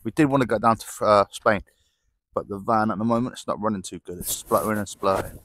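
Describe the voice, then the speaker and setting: A man's voice: fairly low pitch, quick pace, fairly bright tone, a little hiss or hum. A young man chatting casually to viewers in a travel vlog, rambling and joking. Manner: rambling, jokey, talks to viewers. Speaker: vlogger.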